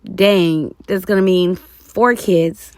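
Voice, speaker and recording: A man's voice: high voice, fairly even intonation, takes it slowly, dry recording, clean studio sound. Woman reading a rattled young fiancé. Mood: worried. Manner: worried, rattled. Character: panicked young fiancé facing a fourth child.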